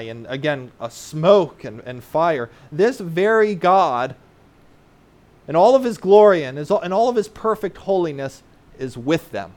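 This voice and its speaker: A man preaching a sermon, explaining ideas plainly and often pausing with "uh" or checking in with "right?". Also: on the high side. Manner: earnest teaching with frequent "uh" and tag "right?"; explains terms plainly for children in the congregation. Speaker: pastor.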